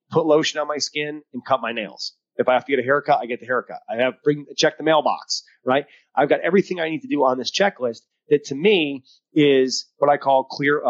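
Male co-host, mental coach, emphatic and upbeat, lo-fi call recording. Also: medium pitch. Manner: energetic, emphatic, coaching tone with quoted asides. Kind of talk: casual podcast chat.

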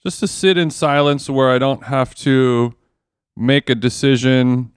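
A man's voice: mid-range voice, unhurried, smooth, no echo. A man co-hosting a casual podcast chat, joking with dry, sarcastic humor. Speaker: podcast co-host.

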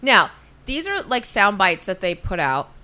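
A woman's voice: mid-range voice, sing-song, unhurried, bright, forceful tone. A woman co-hosting a comedy podcast, rambling, self-deprecating and laughing often as she talks. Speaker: podcast co-host. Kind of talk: casual comedic podcast chat.

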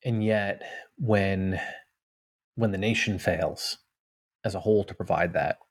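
Male author and veteran guest, low voice, earnest and thoughtful, dry close sound. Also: a little slow, no echo. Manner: earnest, thoughtful, many restarts and "right?" tags. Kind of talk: reading aloud then interview answers.

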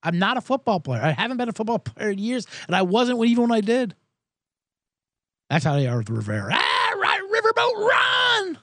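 Guy doing a betting podcast solo in a booth, swears a lot, rambles, high bouncy voice. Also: big pitch swings, quick pace, no room sound. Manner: profane, rambling, self-mocking. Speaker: sports betting podcast host. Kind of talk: casual sports betting talk on a live podcast. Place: small booth alone. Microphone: studio microphone.

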